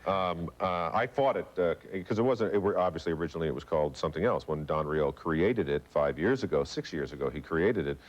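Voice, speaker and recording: A low-voiced man from New Orleans who tells stories fast and chattily, in a trained standard American accent. He's a guest on a late-night talk show, heard through dull, muffled broadcast audio. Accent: General American, trained out of a New Orleans accent. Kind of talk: casual chat on late-night TV.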